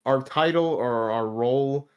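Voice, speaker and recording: A man's voice: medium pitch, unhurried, darkish tone, clear, resonant tone. A man in his thirties telling a work story in casual podcast chat, laid-back, swearing constantly and restarting his sentences. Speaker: podcast guest.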